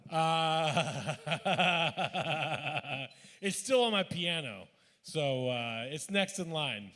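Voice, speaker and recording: A man's voice: a little high, very animated, a little slow, a bit bright, clean tone. A man hosting a live reading night on a bar stage, joking and teasing the readers with stammering banter. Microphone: stage mic. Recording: reverberant live venue.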